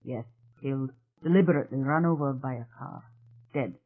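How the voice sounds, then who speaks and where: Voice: medium pitch, fairly quick, lightly acted. A narrator voicing a very tall, strange man who talks frankly and bluntly with odd politeness, over a tinny phone-like sound.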